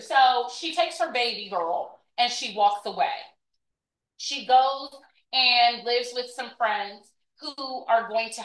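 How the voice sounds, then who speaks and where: A woman's voice: on the high side, fairly bright tone. A woman giving a conversational history talk as a presenter, chatty and often checking in with "right?". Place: event room. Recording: echoey room, mic far off.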